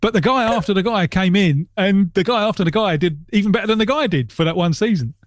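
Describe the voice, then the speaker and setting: A man's voice: high-pitched, fast talker, no room sound, studio quality. A man co-hosting a casual football chat with wry, playful wordplay.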